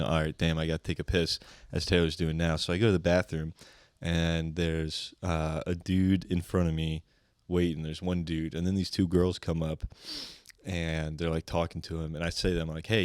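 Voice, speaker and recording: Young guy with a really low voice, swearing a lot while he rants a story, dry close sound. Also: clean tone, no room sound. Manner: profane, ranting storyteller. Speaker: guest comedian. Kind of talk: casual podcast chat.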